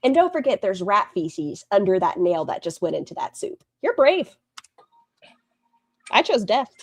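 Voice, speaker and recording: A woman streamer talks in a blunt, mocking way and swears freely. Her pitch jumps around a lot. The sound is close and dry, with no room around it. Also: sing-song, fairly quick, dry recording. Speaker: streamer reacting to another stream. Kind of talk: casual commentary.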